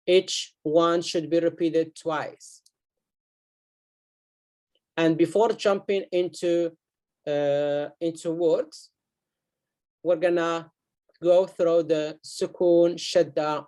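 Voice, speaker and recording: A man's voice: on the high side, steady tone, slow pace, long pauses, a little mellow. A man teaching beginners to read Arabic letters and words, sounding each one out and repeating it for the learners. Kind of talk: beginner reading lesson.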